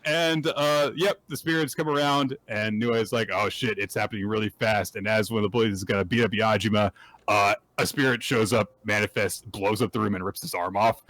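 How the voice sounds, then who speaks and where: A man's voice: on the low side, fairly even intonation, brisk, fairly bright tone, dry recording. A man hosting a podcast, casually and animatedly retelling manga chapters and laughing along. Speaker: podcast host.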